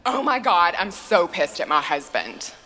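A woman putting on a crude suburban mom griping at full volume, her voice bright and edged. The words ring out with a long church reverb behind them. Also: on the low side, big pitch swings, unhurried, heavily acted. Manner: loud, exasperated complaining.

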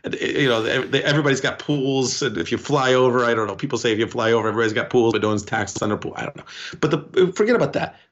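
A man co-hosting a podcast, telling a story in a rambling, animated way with lots of restarts. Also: mid-range voice, fast, dull audio. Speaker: podcast co-host. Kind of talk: casual podcast conversation.

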